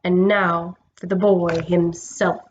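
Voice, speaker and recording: A woman voicing a wise, solemn male lion king who speaks slowly and gravely. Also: on the low side, level tone, dull audio, a little hiss or hum. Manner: slow, grave and measured.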